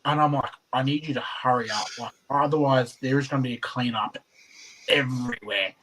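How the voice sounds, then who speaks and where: A man, a guest on an interview, speaking in relaxed casual chat with sighs and restarts. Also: mid-range voice, fast, a little hiss or hum, low-quality recording. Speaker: competitive chilli eater, guest.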